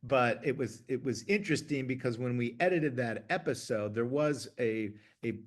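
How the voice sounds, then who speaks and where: Chatty man telling a backstage story. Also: mid-range voice. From Ohio, USA. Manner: chatty, many fillers and restarts, animated when quoting others. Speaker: TV producer interviewee. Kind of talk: casual anecdotal storytelling.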